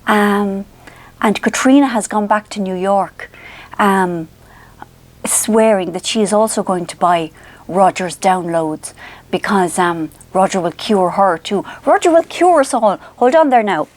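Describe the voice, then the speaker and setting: A middle-aged Irish woman chatting to camera at home, animated and self-mocking. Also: mid-range voice, unhurried. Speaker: vlogger. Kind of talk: casual chat to camera.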